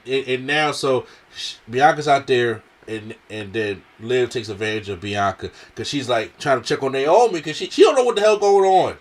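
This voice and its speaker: A man with a strained, worn throat talks through a wrestling event at an everyday middle pitch. His delivery is animated and slangy, and he jumps into bits of other people's voices. It sounds like a relaxed casual review. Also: normal speed.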